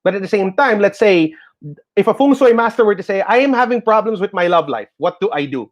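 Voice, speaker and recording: A middle-aged man with a Filipino accent explaining a tarot reading on the radio in an animated, reassuring way. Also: high-pitched, fast. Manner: animated, reassuring, mixes in Tagalog phrases. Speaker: tarot reader guest. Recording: dull lo-fi radio sound.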